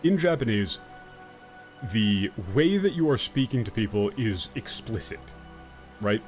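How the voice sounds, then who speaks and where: A man's voice: on the low side, very animated, a little slow, a little mellow, soft background music. A man streaming a game, explaining and ranting emphatically with frequent swearing. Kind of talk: let's play commentary.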